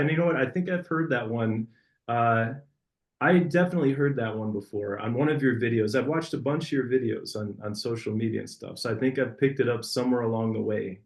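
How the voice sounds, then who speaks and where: A man's voice: medium pitch, reverberant. A man hosting an interview as a dating coach, talking loosely with fillers and restarts. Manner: loose, searching phrasing with filler words. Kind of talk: casual interview chat.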